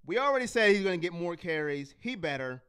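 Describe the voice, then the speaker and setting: A man's voice: sits high, very animated, fast talker, a bit bright, clean tone. A man hosting a live sports fan show, ranting heatedly and reading viewer comments. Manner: fired up, emphatic, repeats lines for effect.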